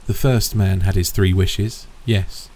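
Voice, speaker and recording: A man voicing a grave, solemn old soldier who speaks slowly and warns of danger. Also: sits low, steady tone, darkish tone, slight background noise, low-quality recording. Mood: solemn warning. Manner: slow and solemn.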